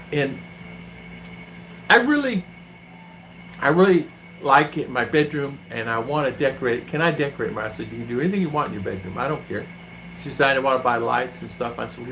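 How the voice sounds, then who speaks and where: A man's voice: mid-range voice, a bit bright, low-quality recording. An older man telling a rambling story in a casual vlog, acting out the talk of his family in quoted dialogue. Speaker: vlogger. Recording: faint hum behind the voice.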